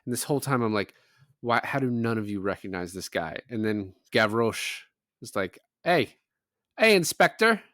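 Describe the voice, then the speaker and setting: A man with a low voice chats casually through a film recap. He tosses in quick voices for each character. The sound is dry and close-miked. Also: no room sound. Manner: animated retelling, quoting characters in offhand voices. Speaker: podcast co-host. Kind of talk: casual chat.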